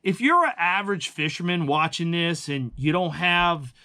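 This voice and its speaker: A man's voice: on the high side, expressive, normal speed, sharp tone. A man hosting a fishing channel, giving blunt, emphatic tips in casual talk and calling the viewers guys.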